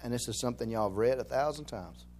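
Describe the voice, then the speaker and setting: A man's voice: medium pitch, quick pace, darkish tone, a little hiss or hum. A man from Alabama with a Southern accent, preaching a conversational sermon in a folksy, joking way and repeating phrases for emphasis. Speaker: pastor.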